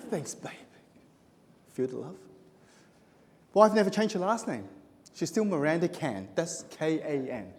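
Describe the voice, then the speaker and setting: A man's voice: fairly high pitch, big pitch swings, takes it slowly, pauses often. A man giving a humorous stage speech at a contest, punchy and self-mocking with tight comic timing. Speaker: contest speaker. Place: stage in a conference hall. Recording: echoey hall.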